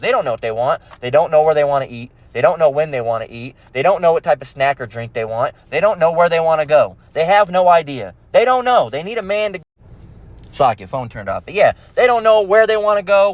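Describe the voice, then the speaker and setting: A man's voice: on the high side, dry recording, dull audio. Brash, profane man ranting; dry close sound. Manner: aggressive, profane, repeats "all right?". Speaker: religious channel host. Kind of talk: ranting monologue.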